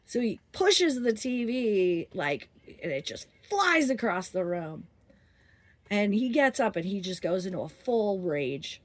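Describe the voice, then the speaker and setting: A woman's voice: mid-range voice, very animated, unhurried, dry recording. A woman casually telling a story from her youth, rambling with lots of fillers and frequent laughter.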